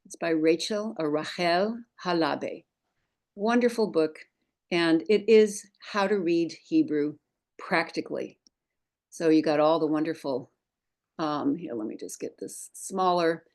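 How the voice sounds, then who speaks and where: A middle-aged woman teaching a patient, deliberate lesson over a screen share, spelling things out step by step. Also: deep voice, a little mellow. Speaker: Hebrew teacher.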